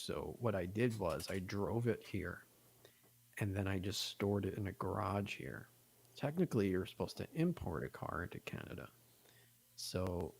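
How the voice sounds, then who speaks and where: A man with a low, gravelly voice talks on a podcast. He rambles loosely and chattily, piling on fillers as he tells his stories. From United States. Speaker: podcast guest. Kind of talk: casual podcast chat.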